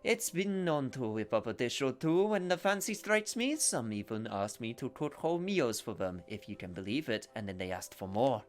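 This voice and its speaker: A man's voice: medium pitch, normal speed, few pauses, soft background music, lightly acted. A man doing a boastful sailor cook. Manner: boastful, tries a French accent and drops it. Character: boisterous male sea-faring guildmaster cook.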